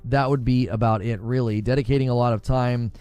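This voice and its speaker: A man's voice: mid-range voice, steady tone, brisk, a little mellow, smooth, no echo. Hesitant man on a stream clip. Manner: hesitant, with frequent fillers. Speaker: streamer being reacted to. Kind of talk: casual stream talk.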